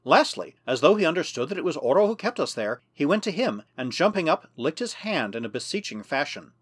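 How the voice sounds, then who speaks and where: A man narrating a first-person adventure novel as an audiobook, in a measured, expressive storytelling manner. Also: on the high side, slightly rough.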